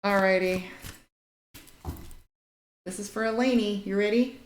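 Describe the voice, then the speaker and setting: A woman's voice: mid-range voice, steady tone, unhurried. A woman giving casual live tarot readings, chatty and blunt, reading out viewer comments and swearing now and then. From Irish heritage. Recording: echoey room with faint noise.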